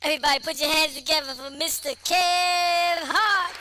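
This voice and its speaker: A woman hosting and interviewing at a live event, energetic and rallying the crowd. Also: high voice, normal speed, slight background noise. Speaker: interviewer and show host.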